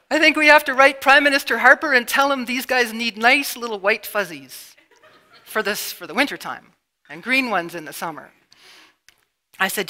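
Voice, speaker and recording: Middle-aged canadian woman lecturing, bright voice, halting then punchy. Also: on the high side, lively intonation. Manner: emotional, halting, with bursts of emphasis and dry laughs. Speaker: public speaker. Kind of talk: lecture presentation with slides. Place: university lecture room.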